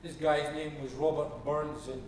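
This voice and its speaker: A man's voice: on the high side, fairly even intonation, a little slow, noisy background. A man with a Scottish accent from Ayrshire, chatting in a rambling, storytelling way between songs at a live show in a motel room. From Ayrshire, Scotland. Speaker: singer-songwriter introducing songs. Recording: very echoey room, distant mic, guitar. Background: acoustic guitar.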